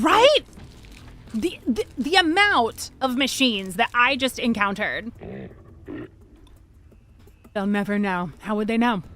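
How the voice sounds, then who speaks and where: A woman streaming a video game, chatting to her viewers, swearing freely and reacting fast to the gameplay. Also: fairly high pitch, sharp tone. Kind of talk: casual gameplay livestream chat.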